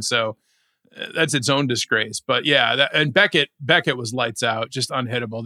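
Male co-host, bright tone, dry mic, rambling animated delivery. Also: mid-range voice, dry recording. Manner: rambling, animated, frequent restarts and asides. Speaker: podcast co-host. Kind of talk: casual sports chat.

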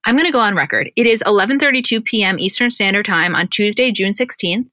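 A woman co-hosting a podcast, chatting excitedly and swearing as she retells TV scenes. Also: mid-range voice, fast talker, no room sound. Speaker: podcast co-host. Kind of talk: casual chat recap.

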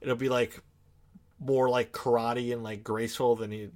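A young man co-hosting a podcast in casual chat, eager and halting with many restarts. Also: mid-range voice, little pitch movement, a little mellow. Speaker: podcast co-host.

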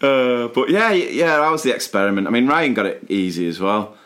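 Lively-toned man in his forties reminiscing. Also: mid-range voice, a little fast. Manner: reflective, laughs often. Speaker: podcast co-host. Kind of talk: casual chat.

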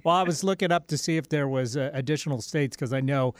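A man co-hosting a casual chat, measured and a little hesitant. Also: fairly high pitch, no room sound.

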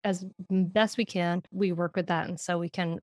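A middle-aged woman speaking as a podcast guest on parenting, telling stories in an animated way and laughing often. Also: on the low side, normal speed, no room sound, clean studio sound. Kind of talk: conversational interview.

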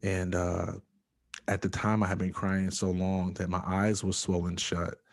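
A young man giving a personal testimony in an interview, earnest and halting, with many fillers and pauses. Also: sits low, flat delivery. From Michigan. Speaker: interview guest.

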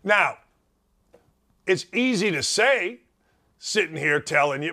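A middle-aged man rants through an opinionated sports talk monologue, his voice sitting high for a man. He swings widely in pitch and fires off rhetorical questions with emphatic conviction. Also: very animated, unhurried, long pauses, bright, forceful tone. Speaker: sports talk show host.

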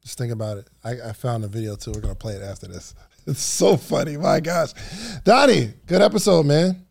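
A man co-hosting a podcast, chatting casually as an animated storyteller who laughs often and rambles loosely. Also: mid-range voice, fairly quick, creaky. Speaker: podcast co-host.

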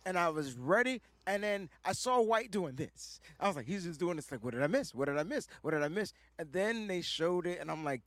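A man co-hosting a sports podcast, talking in a casual, animated and boastful way with some swearing. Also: high voice, brisk, few pauses, no echo.

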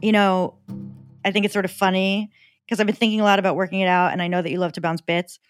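A woman's voice: mid-range voice, flat delivery, quick pace, over music. A woman, a comedian guest on a podcast, talking animatedly with many "like"s and laughing asides. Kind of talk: casual chat about comedy.

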